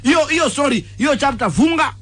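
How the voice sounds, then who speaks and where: A Kenyan man co-hosting a radio show, speaking emphatically in lively banter. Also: very high-pitched, normal speed. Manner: emphatic, mixes English and Swahili. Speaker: radio co-host.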